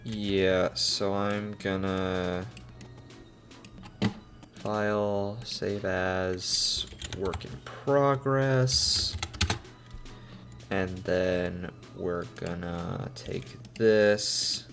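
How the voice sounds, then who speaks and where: A man with a lowish voice talks to himself slowly and unhurriedly as he edits a video on stream. His rambling, casual chat flips now and then into loud, exasperated outbursts, with faint music playing underneath. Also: flat delivery, creaky. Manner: rambling self-talk with sudden loud outbursts. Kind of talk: casual live-stream commentary while video editing.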